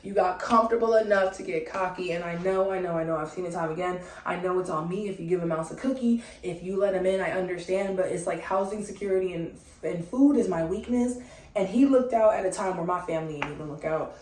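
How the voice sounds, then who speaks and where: A young woman venting to her viewers in a frustrated, animated way, speaking. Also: on the low side, quick pace. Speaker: vlogger. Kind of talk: casual venting monologue. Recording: echoey room, some distance from the mic.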